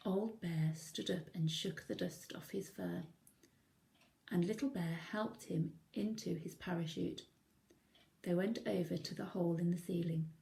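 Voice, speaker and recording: A woman teacher reading a picture book aloud to young children, gently pointing out the pictures. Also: fairly low pitch, a little slow, gravelly. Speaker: primary school teacher.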